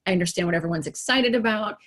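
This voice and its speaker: A woman coach speaking straight to the camera in a motivational talk, her voice slightly husky and breathy. She talks in an animated, conversational way, throwing rhetorical questions at the listener and briefly acting out quoted remarks in livelier voices. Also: medium pitch, rapid-fire. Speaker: executive coach.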